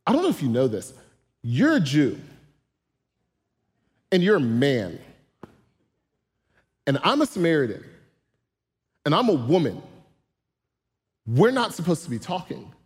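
A preacher voicing a skeptical, sharp-tongued Samaritan woman in a retold Bible story. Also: fairly high pitch, huge pitch swings, in a large hall. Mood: wary. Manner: incredulous, quick, streetwise banter.

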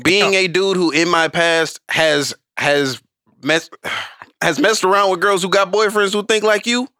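A man's voice: high-pitched, a little slow, sharp tone, smooth, no echo, clean studio sound. A man on a podcast, teasing and telling stories in casual chat. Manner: playful, teasing storytelling. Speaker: podcast co-host.

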